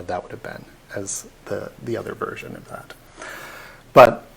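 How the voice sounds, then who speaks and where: A man tour guide giving a live online virtual tour, chatty and self-deprecating with plenty of fillers. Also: on the low side.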